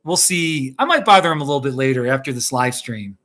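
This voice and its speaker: A man's voice: mid-range voice, expressive, a little fast, fairly bright tone. A man hosting a casual live stream from his home kitchen, rambling and laughing often as he chats with viewers. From United States. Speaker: YouTube host.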